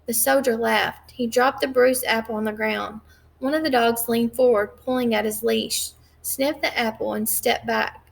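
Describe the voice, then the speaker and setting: Lady reading a chapter book aloud, kinda high voice w a little gravel, restarts now and then. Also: fairly even intonation. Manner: measured, occasional slips and restarts. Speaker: reader.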